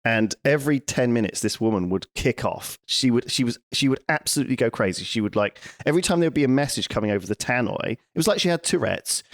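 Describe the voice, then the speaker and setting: A man's voice: mid-range voice, animated, fast talker, hardly any pauses, no room sound, clean studio sound. A man in casual podcast chat, telling a long story with rambling restarts, swearing and laughter. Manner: rambling, swears freely, laughs through anecdotes. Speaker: podcast co-host.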